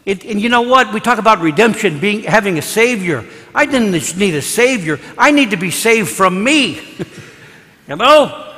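A man who is a priest, preaching a parish mission sermon in an animated, storytelling way, acting out the people he quotes. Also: high-pitched, normal speed. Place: church. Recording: echoey church broadcast.

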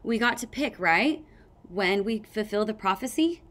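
A woman plays the smallest young she-dragon in a storybook, timid and eager to please. Her voice jumps high and squeaky, stammering at times. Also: lively intonation, normal speed, fairly bright tone, natural voice. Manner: squeaky and hesitant.

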